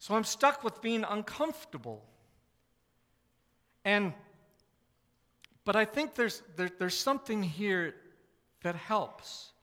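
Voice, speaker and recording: A man's voice: high-pitched, very animated, slow pace, long pauses, bright, forceful tone. A man preaching a sermon in a church, talking in a conversational, self-deprecating way with frequent restarts. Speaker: pastor. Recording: long reverb of a church hall.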